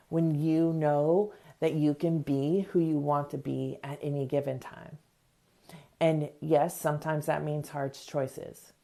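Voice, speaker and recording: A woman's voice: low-pitched, vocal fry, warm tone. A middle-aged woman hosting a self-help podcast, speaking earnestly in a motivational talk and acting out short examples. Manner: earnest, acts out quick examples in voices. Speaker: podcast host.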